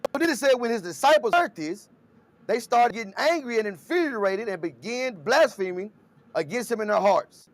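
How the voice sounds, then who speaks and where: A man co-hosting a casual talk show, retelling scripture scenes in an animated, storytelling way. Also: extremely high pitch, moderate pace. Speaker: co-host.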